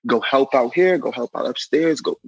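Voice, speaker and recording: A man's voice: medium pitch, moderate pace, husky, dry recording, lo-fi sound. A young man, a correctional officer, telling a personal story casually and acting out what others said. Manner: animated, acts out quoted dialogue; conversational, frequent "you know".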